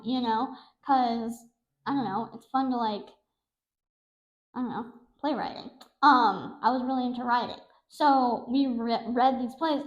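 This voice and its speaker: A young adult woman hosting a podcast, telling stories in a sarcastic, animated, self-mocking way. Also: high-pitched, reverberant, lo-fi sound. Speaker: podcast host. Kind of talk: casual storytelling monologue.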